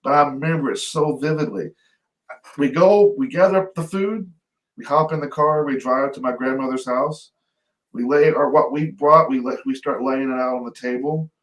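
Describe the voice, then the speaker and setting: A man co-hosting a talk show, telling a family story in a lively, laughing way and mimicking his relatives. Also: mid-range voice, moderate pace. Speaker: podcast co-host. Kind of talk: casual storytelling. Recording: echoey room, off-mic.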